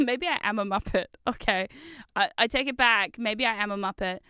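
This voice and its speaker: A woman streamer chatting casually with viewers while building Lego, excitable and giggly, and swearing when something goes wrong. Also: mid-range voice, normal speed, clean tone, dry recording, clean studio sound. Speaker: VTuber streamer.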